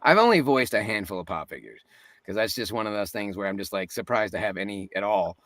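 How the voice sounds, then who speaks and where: A man, a voice actor and impressionist, telling stories as an interview guest, animated and jumping into voices mid-story. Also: on the low side, fast talker, dry recording.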